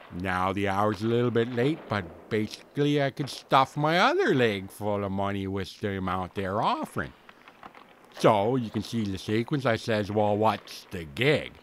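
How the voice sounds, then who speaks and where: A man's voice: fairly low pitch, expressive, moderate pace, a bit bright, a little hiss or hum. A man playing a folksy, rambling storyteller, filling his comic tall tale with slang and fillers. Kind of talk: comic character monologue.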